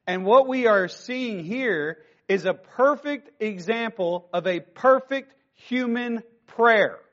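Guy preaching a sermon, higher voice, keeps asking the crowd stuff, kinda dull lo-fi sound. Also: expressive, slow pace, fairly bright tone. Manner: conversational preaching with rhetorical questions. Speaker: pastor.

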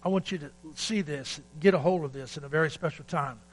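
A man preaching a sermon, telling stories in a folksy way and calling out for amens, building up to shouted peaks. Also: a little high, a little fast, low-quality recording. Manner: calls for amen from the congregation. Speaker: pastor.

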